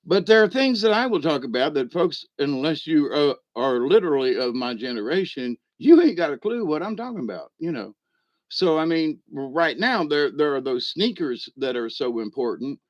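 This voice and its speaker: A middle-aged man rambles through an irreverent comic monologue in a folksy way, often chuckling at his own jokes. His voice sits a little high for a man. The sound is dry, with no room echo. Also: big pitch swings, normal speed, highs cut off. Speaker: vlog host.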